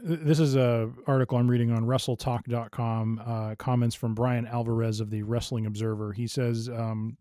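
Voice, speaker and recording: A man's voice: mid-range voice, little pitch movement, moderate pace, few pauses, dark tone, no echo, studio quality. A man co-hosting a podcast, explaining wrestling news in casual chat and reading an article aloud. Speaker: podcast co-host.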